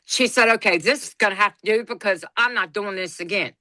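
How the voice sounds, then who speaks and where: Woman, bright, close and dry sound, blunt, folksy storyteller. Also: medium pitch, fairly quick, dry recording. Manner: folksy, blunt, laughs through her stories. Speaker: podcast co-host. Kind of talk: casual storytelling chat.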